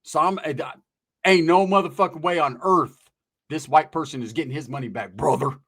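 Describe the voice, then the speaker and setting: A man tells a story in a loose, animated way, swearing freely and using street slang. His voice sits a bit high for a man, and he speeds up as he gets into the story. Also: moderate pace. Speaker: storyteller guest. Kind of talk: casual storytelling.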